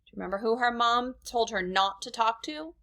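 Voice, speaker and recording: A woman's voice: fairly high pitch, expressive, a little fast, a bit bright. Woman teacher reading to kids. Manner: friendly, asks the class questions. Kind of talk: reading a storybook lesson to children.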